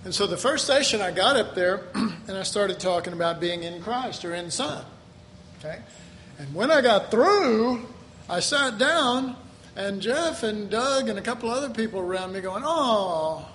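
A man preaching a sermon, animated, acting out quoted voices with sudden exclamations and chuckling often as he talks. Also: sits high, normal speed, a little hiss or hum. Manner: chuckles often while talking.

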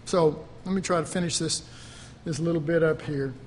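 A man preaching a fervent sermon, swinging between loud outbursts and quiet asides. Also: fairly high pitch, fairly even intonation, normal speed, in a large hall, slight background noise.

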